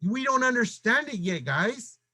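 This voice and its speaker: Middle-aged male team leader, high and sharp-toned, urgent motivational speaker. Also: very animated. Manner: urgent, exhorting, rapid-fire rhetorical questions. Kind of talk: motivational pep talk to a team.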